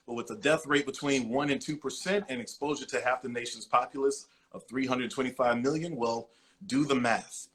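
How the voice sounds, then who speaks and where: A man's voice: mid-range voice, a bit bright, a little hiss or hum. Earnest male host wrapping up a show. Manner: earnest, emphatic, a bit rambling. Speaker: podcast host. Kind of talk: casual show wrap-up and commentary.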